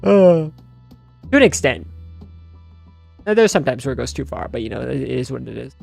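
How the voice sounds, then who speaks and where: A young man with a gravelly, fry-edged voice, ranting and joking in loose slang. He sounds tired and half asleep, with faint music playing underneath. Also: mid-range voice, lively intonation, very fast, a little mellow. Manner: rambling, sarcastic, slangy, full of fillers. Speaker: streamer reacting to a game story. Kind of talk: casual rambling commentary.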